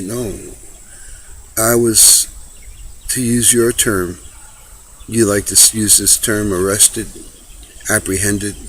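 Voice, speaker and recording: A man's voice: fairly low pitch, level tone, slow, pauses often, a bit bright, slight background noise. A man speaking an earnest personal message to a friend, impassioned and preachy, often repeating himself.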